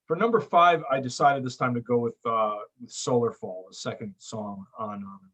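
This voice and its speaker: Male panelist, medium pitch, eager, trails off quiet. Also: normal speed. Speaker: podcast panelist. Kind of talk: casual chat.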